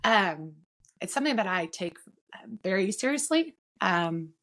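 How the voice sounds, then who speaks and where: A woman guest on a podcast who speaks earnestly and reflectively, often pausing with "um" as she gathers her thoughts. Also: mid-range voice, lively intonation, fairly bright tone. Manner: earnest, reflective, pauses with frequent "um". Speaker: guest, insurance agency owner. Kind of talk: casual podcast conversation.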